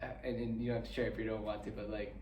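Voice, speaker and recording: A man's voice: fairly low pitch, flat delivery, very fast, darkish tone, slight background noise. Man, podcast host, rambling storyteller; distant mic in an echoey room. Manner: rambling storyteller, laughs often. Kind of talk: casual chat.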